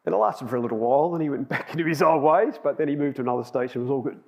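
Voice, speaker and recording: A man's voice: mid-range voice, rapid-fire, a little mellow. A man giving a sermon, telling personal stories in a chatty way and laughing at himself. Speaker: lay preacher.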